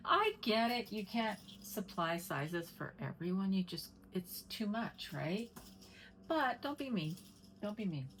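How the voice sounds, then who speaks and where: A woman's voice: medium pitch, fairly bright tone, a little hiss or hum, low-quality recording. A middle-aged woman chatting casually to camera at home, rambling and talking to her cat between stories. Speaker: vlogger.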